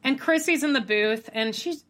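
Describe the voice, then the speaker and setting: Bright-voiced animated woman podcaster. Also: high-pitched, normal speed. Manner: animated, acts out quotes, swears freely. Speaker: podcast co-host. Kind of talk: casual recap chat.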